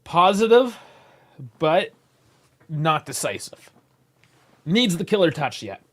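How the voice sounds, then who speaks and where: A man's voice: fairly high pitch, very animated, slow, a bit bright, slightly rough. A man from Canada, hosting a casual live match reaction, chatty and laid-back with frequent chuckles and casual swearing. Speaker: host.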